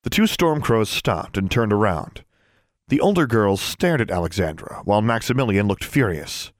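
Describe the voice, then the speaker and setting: A man reads an audiobook in a steady, measured way. His voice sits low, and the recording is dry and close, with no room around it. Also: no room sound. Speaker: audiobook narrator. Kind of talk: scripted audiobook narration.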